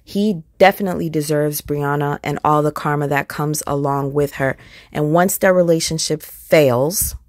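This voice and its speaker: A woman's voice: low voice, moderate pace, no echo, studio quality. A woman hosting a commentary video, talking bluntly and scornfully and asking her viewers rhetorical questions. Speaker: commentary channel host. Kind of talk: opinionated commentary.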